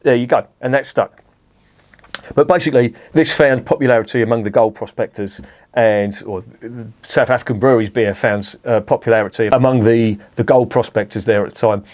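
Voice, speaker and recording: A man's voice: mid-range voice, steady tone, a little fast, a little mellow. A middle-aged man, reviewing a beer in a casual, rambling monologue, swearing freely and breaking off into asides.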